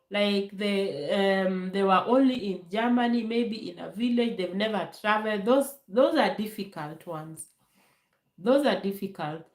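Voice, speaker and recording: Chatty woman on a live q&a, talks slow, lots of ums, echoey room. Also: mid-range voice. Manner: chatty, animated, acts out voices in quotes, many fillers. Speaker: vlogger answering viewer questions. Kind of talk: casual live Q&A storytelling.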